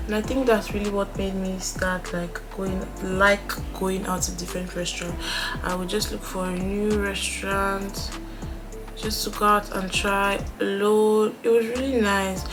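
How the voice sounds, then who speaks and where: A young woman chats to the camera as she does her makeup. She tells stories with drama and acts out the lines, her voice at a middle pitch. Faint music plays under her voice. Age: young adult. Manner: animated, dramatic retelling with quoted dialogue. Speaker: beauty vlogger. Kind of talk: casual storytelling while doing makeup.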